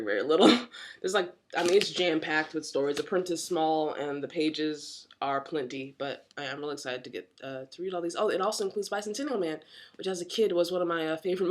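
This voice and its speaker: Rambling, enthusiastic young woman vlogger. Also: fairly low pitch. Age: 20s. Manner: rambling and enthusiastic, full of fillers and frequent laughs. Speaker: university student vlogger. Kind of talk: casual book haul vlog.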